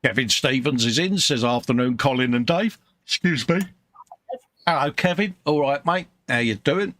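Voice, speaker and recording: A man's voice: medium pitch, normal speed, fairly bright tone, dry recording. A man from the UK co-hosting a live stream, reading out chat messages in a chummy way and calling everyone mate. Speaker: co-host of a live model-building stream.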